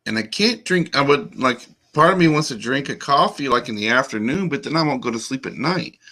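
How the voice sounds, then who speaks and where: A man's voice: medium pitch, expressive, pushed and bright. A middle-aged man hosting a casual chat while solving a crossword, joking and musing. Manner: joking, slow and musing, breaks into silly voices. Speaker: podcast host.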